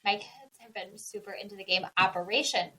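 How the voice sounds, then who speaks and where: Laughing, animated woman podcast co-host. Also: medium pitch, brisk, a crowd in the background, poor audio. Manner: laughs often, animated and emphatic. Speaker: podcast co-host, dyslexia interventionist. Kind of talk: casual podcast chat.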